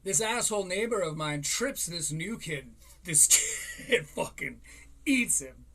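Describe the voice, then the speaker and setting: A man's voice: high voice, normal speed, pushed and bright. A man hosting a podcast, telling a story in a casual, profane way and often laughing between lines. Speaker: podcast host.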